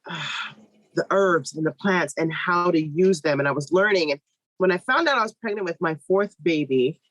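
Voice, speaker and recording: On a podcast, a midwife animatedly recounts her own birth story, voicing quoted people with big pitch jumps. She talks fast, running sentences together with restarts, on a low-quality recording without echo.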